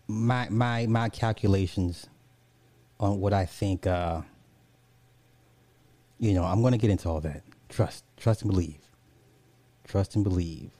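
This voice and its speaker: A man's voice: sits low, mellow, dry recording. A man chatting casually on a live stream, reading out viewer comments and ranting, laughing often and swearing freely.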